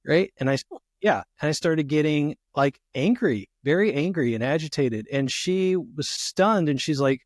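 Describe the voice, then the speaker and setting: A man's voice: a little high, moderate pace, no echo, studio quality. A man speaking as a guest therapist in a conversational podcast interview, reflective and full of "you know" fillers.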